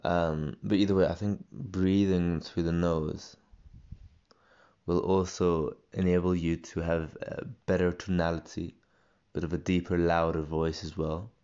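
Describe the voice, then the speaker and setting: A man's voice: low-pitched, flat delivery, unhurried, warm tone, clear, resonant tone, muffled recording. A young man hosting a solo podcast, rambling casually with many fillers and restarts. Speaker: podcast host.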